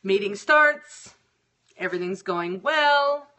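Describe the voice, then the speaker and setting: Bright-voiced profane woman host. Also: mid-range voice, slow pace, highs cut off. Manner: profane, exasperated, animated. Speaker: radio show host. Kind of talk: casual storytelling monologue.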